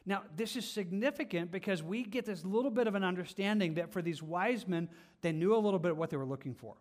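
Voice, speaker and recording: A man preaching a sermon as pastor, chatty and joking, then dropping to soft, earnest exhortation. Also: high-pitched, quick pace. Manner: playful, conversational, with sudden drops to soft earnest tones.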